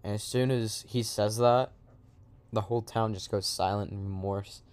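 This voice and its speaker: A man's voice: fairly low pitch, steady tone, moderate pace, a little mellow. A man improvising a silly comic story in a rambling, slangy way, with lots of asides.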